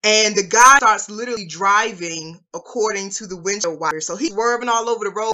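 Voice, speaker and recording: Bright-voiced woman telling a spiritual story. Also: mid-range voice, a little fast, few pauses. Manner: warm affirming, storytelling with acted quotes. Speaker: co-host, womb wellness leader. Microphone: video call.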